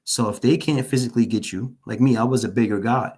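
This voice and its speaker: Speaking quickly in a mid-range, slightly mellow voice with a breathy edge, this man appears as an interview guest who was once incarcerated. His testimony is earnest and personal; he is visibly shaken while telling it and keeps repeating phrases to stress them.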